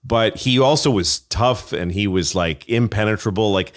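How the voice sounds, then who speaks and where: Middle-aged male comedian, low voice, loose profane storyteller who plays out every quote. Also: normal speed. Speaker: comedian guest. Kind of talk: casual chat.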